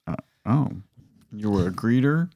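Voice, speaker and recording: A man's voice: lowish voice, lively intonation, a little slow, gravelly, darkish tone, dry recording. A man co-hosting a comedy podcast, chatty and teasing as he leads the casual talk. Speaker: podcast co-host.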